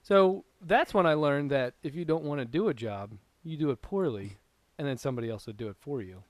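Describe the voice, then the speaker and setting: A man's voice: fairly high pitch, animated, a little fast, dry recording. A man co-hosting a casual podcast chat, joking, laughing often and swearing as he tells stories. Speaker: podcast co-host.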